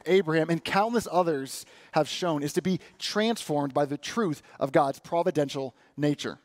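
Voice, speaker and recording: A man preaching a sermon, praying and reading scripture in an earnest, lively way. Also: on the high side, dry recording, clean studio sound. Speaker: pastor.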